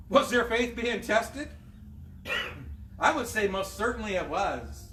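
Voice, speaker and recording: A man preaching a sermon, telling a Bible story in a lively, dramatic way. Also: sits high, slow pace, long pauses. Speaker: pastor. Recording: echoey room, mic at a distance.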